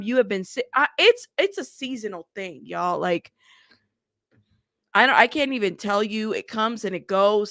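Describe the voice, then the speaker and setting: A woman's voice: mid-range voice, fairly bright tone, no echo, clean studio sound. A woman hosting a casual news livestream, chatty and blunt, who laughs often, greets her chat by name and has a slightly sick throat.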